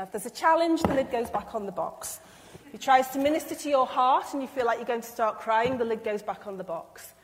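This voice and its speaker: A woman preaching an earnest, emotional sermon and acting out the speech she imagines from others. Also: on the high side. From England. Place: church. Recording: long church reverb.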